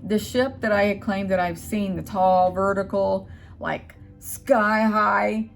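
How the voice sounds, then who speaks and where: A woman's voice: medium pitch, steady tone, slow, gravelly, soft background music. A woman telling a personal spiritual story in a casual vlog, earnest and rambling, with hesitations and restarts. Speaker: channel host.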